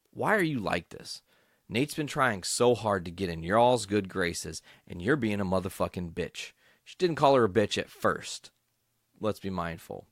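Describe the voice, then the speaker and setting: A man's voice: lowish voice, no echo, clean studio sound. A young adult man hosting a podcast, telling a personal story with angry, profane, emphatic outbursts. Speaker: podcast host.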